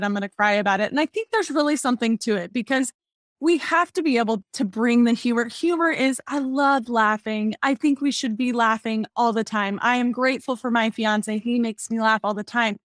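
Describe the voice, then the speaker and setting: A young woman, a pediatric speech-language pathologist, telling stories in a podcast interview in a chatty, animated way, laughing often. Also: fairly high pitch, no room sound, studio quality.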